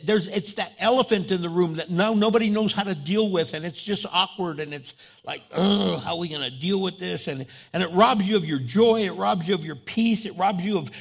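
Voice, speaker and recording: Gravelly high-voiced man preaching. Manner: conversational preaching with repetitions and restarts. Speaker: pastor. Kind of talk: sermon.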